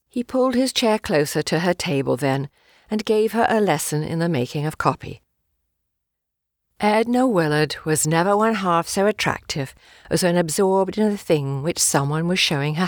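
A woman with a low, deep voice reads a novel aloud in a measured, unhurried storytelling manner. She gives the dialogue a light touch of acting while keeping the narration even. The recording is dry and close, with no room sound. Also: no echo. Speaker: audiobook narrator.

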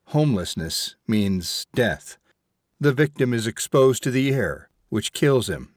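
A man narrating an audiobook in a measured, expressive way. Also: medium pitch, dry recording, studio quality.

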